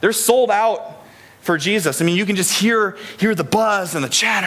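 Midwestern male pastor, conversational sermon, high-ish voice, keeps asking the crowd questions. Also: moderate pace, a bit bright. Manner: chatty, asks the congregation questions. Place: church in Des Moines, Iowa.

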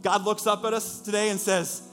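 A man's voice: sits high, level tone, moderate pace, a bit bright, faint music behind. A man preaching a sermon as pastor, with an emphatic, repetitive preaching cadence. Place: church in a former car dealership.

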